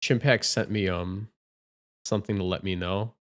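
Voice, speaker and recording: A man co-hosting a casual podcast chat, telling stories with loud acted-out quotes. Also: low voice, normal speed. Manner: animated storyteller, acts out quotes loudly. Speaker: podcast co-host.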